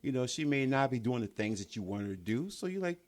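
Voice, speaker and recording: A man hosting a podcast in casual chat, animated and profane, who acts out scenes as he talks. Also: mid-range voice, fast talker. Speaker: podcast host.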